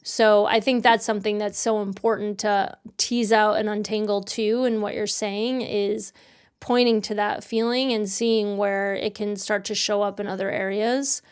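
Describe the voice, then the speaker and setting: A woman's voice: medium pitch, little pitch movement, normal speed, smooth. A woman in her forties hosting a podcast, talking in an open, searching way with lots of "like" and "you know.". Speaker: podcast host and dental coach. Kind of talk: casual reflective conversation.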